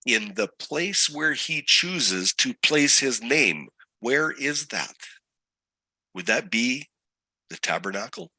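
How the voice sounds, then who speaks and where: A man leads a scripture study at a slow, deliberate pace. His voice is very bright and sharp, and the recording is dry and close. He keeps putting rhetorical questions to his listeners. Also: mid-range voice, sing-song, creaky, breathy edge, no echo, poor audio. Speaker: Bible study teacher.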